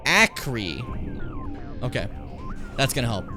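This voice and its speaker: A man's voice: medium pitch, lively intonation, normal speed, soft background music. A man streaming a video game, talking casually and swearing, flaring into mock rage and back. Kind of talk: casual gameplay commentary.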